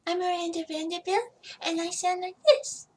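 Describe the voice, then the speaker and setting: Lady doing a high sugary princess voice, snooty rich teen girl, smug and prim. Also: normal speed, far from the mic. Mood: haughty. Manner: haughty, self-satisfied. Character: pompous rich teenage princess, 19.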